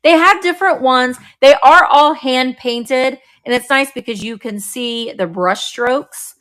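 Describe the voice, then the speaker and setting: A middle-aged woman hosting a live online auction of vintage items, chatting warmly and greeting viewers by name as she describes each piece. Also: high voice, measured pace, few pauses. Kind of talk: live-stream sales chat.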